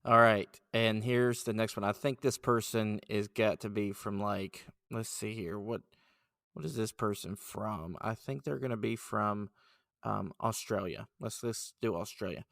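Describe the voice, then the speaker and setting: A man's voice: fairly low pitch, steady tone, unhurried, creaky, fairly bright tone, no room sound, clean studio sound. A man co-hosting a podcast in casual chat, playful and laughing as he reads out listener reviews. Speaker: podcast host.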